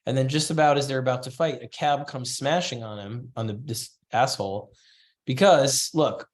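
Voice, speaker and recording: A man's voice: mid-range voice, moderate pace. A man teaching a comics writing class, talking loosely and reading bits of a script aloud as he critiques it. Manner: loose, chatty, reads comic lines aloud in passing. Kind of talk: casual online class critique.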